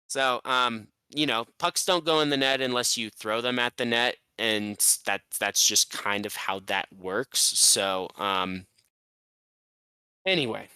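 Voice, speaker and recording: A man co-hosting a casual sports podcast, recapping a game in animated rants with some swearing. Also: medium pitch, takes it slowly, smooth, no room sound. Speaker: podcast co-host.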